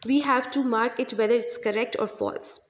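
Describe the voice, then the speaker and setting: A woman's voice: a little high, steady tone, normal speed, slight background noise, rough recording. A woman English teacher with a Pakistani accent, giving an online revision lesson and explaining step by step, asking and answering her own questions.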